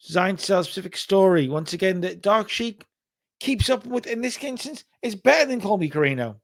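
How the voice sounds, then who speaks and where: A man with a fairly high voice casually narrates a wrestling sim playthrough. He chats through the results, relaxed and offhand. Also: brisk. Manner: casual, chatty recapping. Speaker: game commentator.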